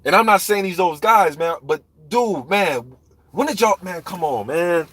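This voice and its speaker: He's a boxing commentator ranting on a live stream, cursing and fired up as he talks directly to viewers in the chat. His voice sits high with a fairly bright tone, and he's expressive yet unhurried.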